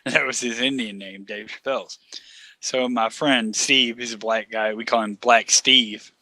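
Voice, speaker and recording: A man rambles through a crude story in casual chat, swearing freely and chuckling along the way. His voice is strikingly bright, and the recording is dry and close with no room sound. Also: medium pitch, steady tone, measured pace, dry recording. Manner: profane rambling storyteller, laughs often.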